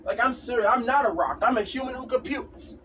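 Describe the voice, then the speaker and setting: A man's voice: extremely high pitch, fairly quick, sharp tone, far from the mic, a little hiss or hum. A man in a casual vlog, ranting insistently and repeating himself over and over. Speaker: vlogger. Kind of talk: casual rant to camera.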